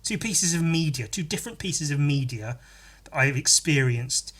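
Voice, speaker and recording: A man's voice: a little high, expressive, moderate pace, a bit bright. A man hosting a podcast, rambling through a crude, mock-earnest comedy monologue with giggly asides. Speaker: podcast host.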